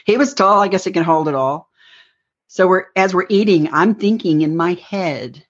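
A woman's voice: lowish voice, normal speed. A woman telling a rambling personal story in an interview, acting out the lines she quotes. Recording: dull lo-fi recording.

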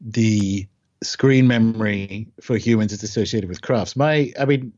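Husky-voiced man on dull remote audio. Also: lowish voice, unhurried, darkish tone. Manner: thoughtful, explanatory. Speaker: guest. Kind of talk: conversational interview.

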